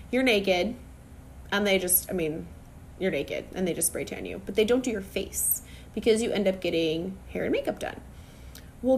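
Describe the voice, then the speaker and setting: Young woman vlogging to camera, chatty and rambly, bit of noise in the back. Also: mid-range voice. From Minnesota. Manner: chatty, lively storytelling with frequent fillers and asides. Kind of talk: casual chat to camera.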